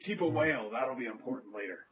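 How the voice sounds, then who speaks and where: A man on a casual gaming podcast panel, dropping quick joking quips. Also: medium pitch, lively intonation, slightly rough, highs cut off. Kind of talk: casual group chat.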